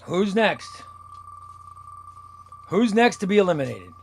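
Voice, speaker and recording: A man's voice: sits high, very animated, unhurried, vocal fry, a little hiss or hum. A man hosting a live comics stream, playfully calling out giveaway names one by one. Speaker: comic channel host.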